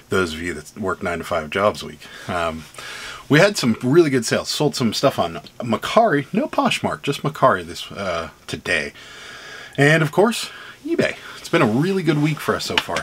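This reseller vlogger has a low-pitched, fairly bright voice and a Pittsburgh accent, with a little hiss or hum in the audio. He chats casually about items he has sold, rambling with lots of ums and laughing now and then.

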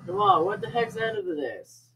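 A man giving excitable gameplay commentary, laughing often and shouting his reactions at the game. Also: sits high, moderate pace, vocal fry, a little hiss or hum. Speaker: let's play gamer. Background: game music.

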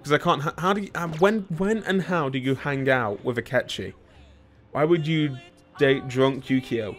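A man with a British accent and a mid-range, fairly bright voice streams a game, chatting to his viewers. He offers casual let's-play commentary, rambling, joking, and mocking himself along the way.

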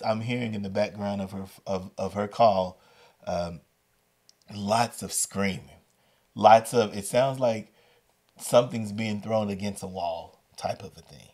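A man hosting a storytelling podcast, telling a story with lively delivery and acting out the voices. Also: on the low side. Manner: animated, acts out the voices in his story. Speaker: podcast host and educator.

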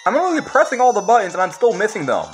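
A young man commentating casually on a handheld game as he plays, excitable and quick to exclaim. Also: sits high, soft background music. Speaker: let's play gamer.

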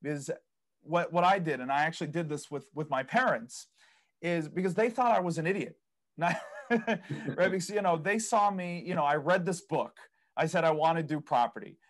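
Animated man telling investing stories. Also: fairly high pitch, normal speed. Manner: storytelling, acts out other people's quoted reactions; laughs at his own stories. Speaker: podcast guest, property investing mentor. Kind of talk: casual interview chat.

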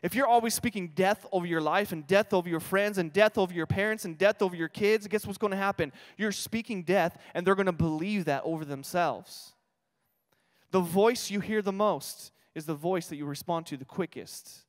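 High-voiced energetic young preacher. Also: male voice, moderate pace. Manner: energetic, humorous, repeats key phrases. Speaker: pastor. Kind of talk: sermon with storytelling. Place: church sanctuary. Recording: reverberant church hall.

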